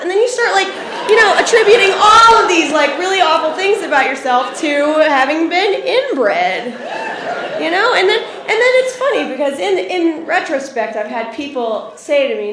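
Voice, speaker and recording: A young woman telling a comic personal story, animated and laughing as she exclaims. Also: very high voice, normal speed, a loud crowd, very noisy. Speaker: storyteller comedian. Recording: echoey room.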